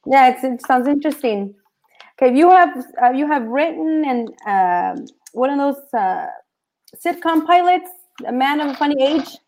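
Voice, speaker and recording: A woman's voice: high voice, expressive, moderate pace, darkish tone, rough recording. A woman interviewing a guest, using brief, encouraging prompts. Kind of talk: casual interview.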